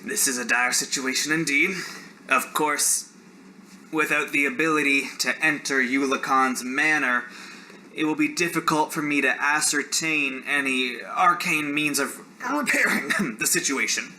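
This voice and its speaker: A man's voice: a little high, measured pace, bright, forceful tone, slight background noise, rough recording. A man voicing a grumpy, self-important male village wizard with a sore throat, prickly and easily offended. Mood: pompous.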